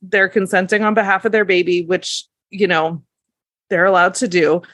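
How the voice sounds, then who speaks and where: A woman's voice: on the low side, little pitch movement, normal speed, a bit bright, dry recording, studio quality. A woman who works as a lactation consultant, chatting casually on a podcast in a chatty, self-deprecating way with many fillers.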